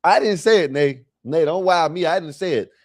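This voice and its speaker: Man, stream host, rambling casual commentary, slightly high voice, dry close mic. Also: moderate pace, no echo. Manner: rambling, talks straight to viewers. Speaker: livestream host.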